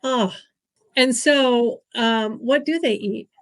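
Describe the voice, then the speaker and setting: A woman hosting a podcast, asking friendly, short questions in casual chat. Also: a little high. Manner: friendly, asks short questions, quick backchannels. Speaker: podcast host.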